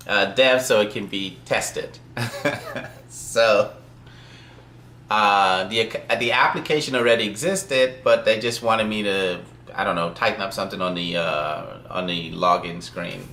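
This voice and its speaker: A man with a lowish voice that still has a forceful, bright edge tells a casual work anecdote. He rambles, restarts, and laughs softly between thoughts. The room around him sounds echoey. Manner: rambling, with frequent fillers and chuckles. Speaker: software developer. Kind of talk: casual storytelling.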